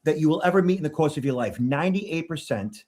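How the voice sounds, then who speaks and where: A man's voice: fairly high pitch, lively intonation, quick pace, darkish tone. A middle-aged man with a Boston accent answering interview questions bluntly and emphatically, often checking in with "okay?". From Boston, Massachusetts. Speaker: guest, security expert.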